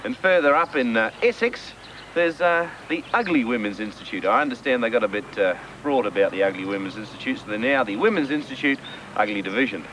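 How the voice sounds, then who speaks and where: An Australian man works as a roving TV reporter, joking his way through live banter. His voice jumps around in pitch and moves quickly. Outdoor noise sits behind him. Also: expressive, a bit bright, poor audio. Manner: jokey, chatty, quick banter. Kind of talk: light-hearted live field reporting. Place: outdoors on location.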